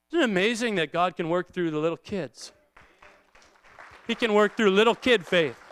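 A man's voice: high voice, smooth. A man in his thirties, a pastor preaching a sermon in a chatty storytelling way, acting out prayers and family moments. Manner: conversational storytelling, acts out quoted prayers.

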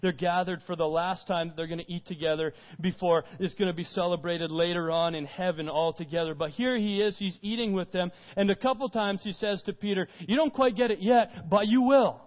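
A man's voice: sits high, steady tone, fairly quick, few pauses. A man preaching a conversational sermon, retelling scripture informally in his own words. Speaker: pastor. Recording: dull recording with long hall reverb.

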